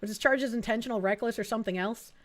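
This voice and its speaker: High-voiced indignant woman streamer. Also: fast talker. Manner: blunt, indignant, swears freely. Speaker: streamer reacting to news. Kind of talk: casual reaction commentary.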